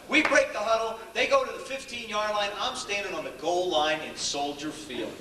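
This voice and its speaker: A man's voice: high voice, moderate pace, hardly any pauses, a crowd in the background, noisy background. An older man giving a humorous motivational speech to an audience, telling stories animatedly, acting out dialogue and chuckling often, recorded in a large echoey hall. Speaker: keynote speaker. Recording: echoey hall, distant mic, faint ambience.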